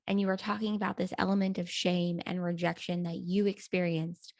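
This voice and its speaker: A woman's voice: medium pitch, fairly even intonation, a little fast, few pauses, a little mellow, dry recording, studio quality. A woman hosting a podcast, affirming her guest and reflecting thoughtfully on what was said. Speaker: podcast host. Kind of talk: podcast interview.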